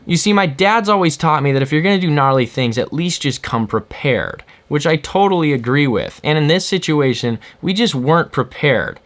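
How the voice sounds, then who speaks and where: A man vlogger animatedly retelling a scary adventure in a casual, excitable way. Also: a little high, normal speed, hardly any pauses. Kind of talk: casual storytelling.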